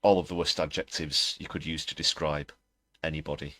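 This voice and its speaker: Low-voiced guy ranting on his livestream, sarcastic and scornful, dry close sound. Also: steady tone, fairly quick, pushed and bright, no echo. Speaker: livestream host. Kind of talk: political commentary on a livestream.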